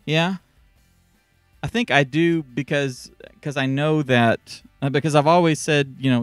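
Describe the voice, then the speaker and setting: A man's voice: on the high side, unhurried, no room sound, faint music behind. A man hosting a casual live stream show, playful and joking while he sets things up. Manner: playful, jokey, multitasking. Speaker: show host.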